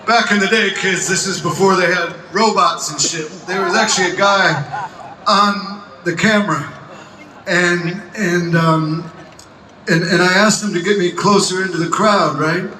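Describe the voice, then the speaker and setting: A man on an outdoor festival stage tells a rambling story to the crowd, halting and restarting, with laughing asides. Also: sits high, fairly even intonation, roomy sound, background noise. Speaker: rock singer addressing festival crowd. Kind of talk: onstage storytelling. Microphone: stage microphone through PA. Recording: distant crowd recording over loud PA.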